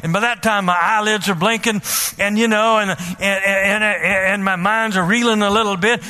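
A male preacher telling a personal story during a sermon. He is animated and often repeats words, and he breaks into loud pleading. His voice is high and very bright. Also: moderate pace.

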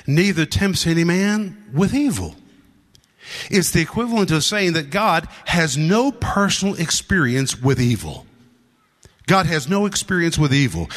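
A man's voice: a little high, fairly bright tone. A man preaching a sermon, emphatic and repetitive, stressing his points and acting out the scripture he quotes. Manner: emphatic, repeats lines for stress.

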